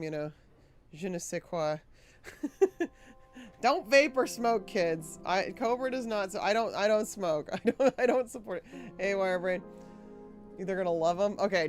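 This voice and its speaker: A woman from Rhode Island streaming a game, chatting casually and often giggling as she rambles. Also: medium pitch. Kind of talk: casual livestream chat.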